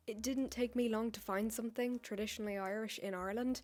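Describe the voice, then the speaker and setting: A woman's voice: fairly high pitch, fairly even intonation, quick pace, darkish tone. A woman with an English accent, chatting in a casual vlog as a baker, joking and poking fun at herself. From United Kingdom. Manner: jokey, self-mocking, chatty asides. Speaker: baker and video creator. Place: home, tripod camera.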